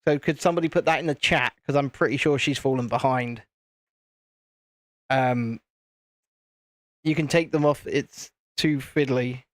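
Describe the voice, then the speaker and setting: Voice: medium pitch, unhurried, long pauses, dry recording, studio quality. A host chatting casually on a live stream while building, rambling and repeating phrases.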